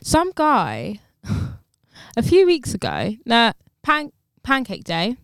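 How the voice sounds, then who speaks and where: A woman, co-hosting a casual podcast and telling stories in an animated, indignant way, swearing freely. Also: slow pace, creaky, no echo, clean studio sound. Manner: animated storytelling with swearing, jumps high when indignant. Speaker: podcast co-host.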